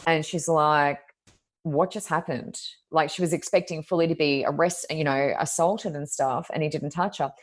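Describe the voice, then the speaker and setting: A woman, a medium guesting on a podcast, telling stories in a chatty, rambling way full of ums and likes. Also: low-pitched. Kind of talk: conversational storytelling.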